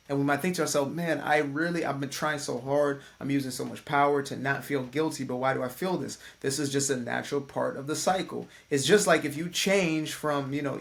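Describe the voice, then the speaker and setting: Gravelly man giving a casual motivational talk. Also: medium pitch. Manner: conversational and slangy, playful asides. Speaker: life coach.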